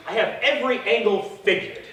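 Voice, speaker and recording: Actor as calm persuasive schemer, high and lively, distant and roomy. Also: male voice, a little fast. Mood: smooth. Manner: calm, persuasive, matter-of-fact. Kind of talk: live stage comedy acting. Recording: distant stage mic, echoey theater, noise.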